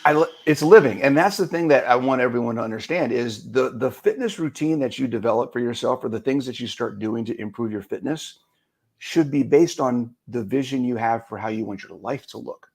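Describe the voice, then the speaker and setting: A man with a gravelly, slightly husky voice explains exercise to fellow guests. He talks in an energetic, teaching way. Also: medium pitch, brisk. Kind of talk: casual panel chat.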